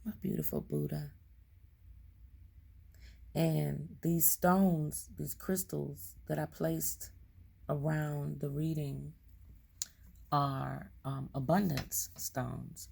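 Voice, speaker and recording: A woman giving a slow, gentle collective tarot reading, reading card messages aloud with soft laughs between them. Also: sits low, fairly even intonation, creaky, husky. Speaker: tarot reader.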